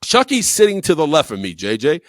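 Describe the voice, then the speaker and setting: A man's voice: a little high, wildly swooping pitch, brisk, fairly bright tone, no room sound, studio quality. A man co-hosting a podcast, telling a story bluntly and repeating words for emphasis. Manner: profane, blunt. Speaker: podcast co-host. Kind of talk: casual storytelling chat.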